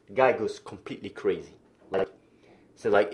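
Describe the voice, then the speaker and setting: A man telling a story on a livestream, animated, swearing, often restarting his sentences. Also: fairly low pitch, normal speed. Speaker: streamer.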